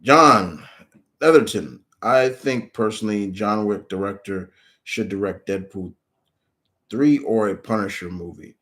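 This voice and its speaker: A man's voice: lowish voice, unhurried, a bit bright. A man streaming live, answering viewers' questions in a rambling, casual way with many restarts.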